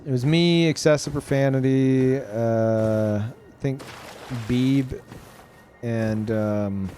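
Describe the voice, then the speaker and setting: A man's voice: mid-range voice, takes it slowly, dark tone, a little hiss or hum. A man from Louisiana chatting casually on a live stream, rambling and swearing, with many restarts.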